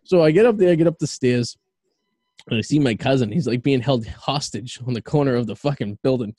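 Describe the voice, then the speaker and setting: A man's voice: medium pitch, brisk, warm tone, no echo, studio quality. A man from the Boston area, hosting a podcast and telling profane stories in casual chat, laughing as he goes. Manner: profane, laughing anecdotes with acted quotes. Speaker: podcast host.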